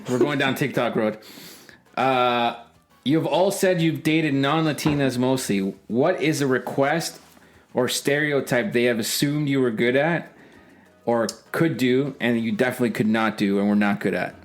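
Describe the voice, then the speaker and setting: A man's voice: mid-range voice, normal speed, faint music behind. A man co-hosting a casual podcast chat, joking around, swearing freely and laughing often. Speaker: podcast co-host.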